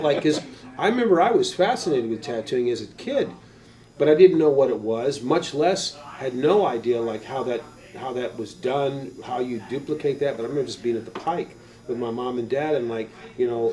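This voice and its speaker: An older man, a tattoo artist, telling stories in a casual interview, rambling and animated and swearing casually, heard on a slightly distant mic. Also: mid-range voice, normal speed.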